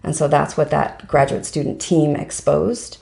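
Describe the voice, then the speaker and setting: A woman's voice: low voice, fairly even intonation, measured pace, gravelly, a little mellow. A middle-aged woman, a guest on a podcast interview, telling her story in a chatty way with lots of "like" and "um". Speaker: podcast guest, fundraising professional.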